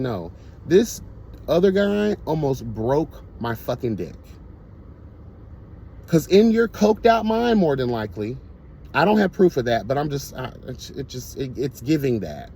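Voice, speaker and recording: A man's voice: medium pitch, dark tone, a little hiss or hum. A man telling a casual storytime monologue to his viewers, blunt, profane and emphatic. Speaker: storyteller vlogger.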